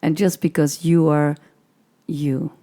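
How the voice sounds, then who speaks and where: A woman from the Netherlands, a guest DJ, talking in a hoarse voice in a casual, enthusiastic interview chat. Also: deep voice, level tone, slow, mellow.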